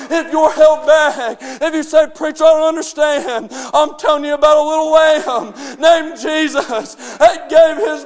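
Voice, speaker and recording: A man preaching a sermon as pastor, in a chanting, sing-song style that rises to shouts. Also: very high voice. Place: church sanctuary.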